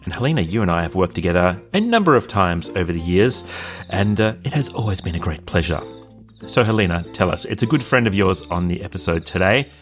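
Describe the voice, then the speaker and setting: An Australian man hosts a casual podcast in a very low voice. He chats and tells stories with animation, and faint music plays under his talk. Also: big pitch swings, fairly quick. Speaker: podcast co-host.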